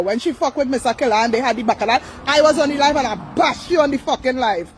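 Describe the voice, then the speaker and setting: A woman's voice: sits high, fast talker, slight background noise, rough recording. An older woman, ranting on a live stream, blunt, profane and repetitive. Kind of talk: angry live-stream rant.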